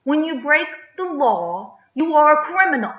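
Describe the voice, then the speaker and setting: High-voiced woman ranting emphatically. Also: big pitch swings, measured pace. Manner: emphatic, rhetorical, repeats "okay?". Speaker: political vlogger. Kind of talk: opinion rant to camera. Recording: echoey, slightly dull.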